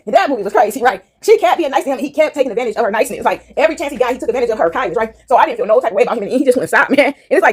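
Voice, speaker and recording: A woman casually retelling a movie plot to her listeners, animated and laughing often. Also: on the high side, rapid-fire, slightly rough.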